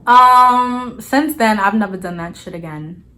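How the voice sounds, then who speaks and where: A woman's voice: mid-range voice, a little slow, bright, forceful tone. A young adult woman telling a storytime vlog in a casual, blunt, profane way. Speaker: vlogger.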